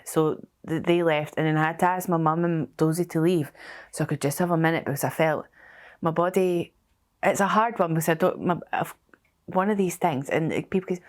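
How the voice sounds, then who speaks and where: A young woman telling her story as a bereaved mother, halting and emotional, with many restarts. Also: on the low side. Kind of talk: personal testimony.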